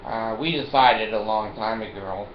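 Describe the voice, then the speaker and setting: A man's voice: on the low side, a little slow, a little hiss or hum. An older man in a casual monologue to the camera, rambling and joking and laughing often. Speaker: vlogger. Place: at home in a chair. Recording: roomy, dull home recording.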